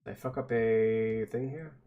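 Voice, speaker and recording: A man's voice: mid-range voice, steady tone, moderate pace, phone-quality sound, faint music behind. Man muttering through code, swearing. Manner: mutters to himself, swears, frustrated debugging; explains code step by step. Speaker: vtuber streamer. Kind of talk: casual coding stream talk.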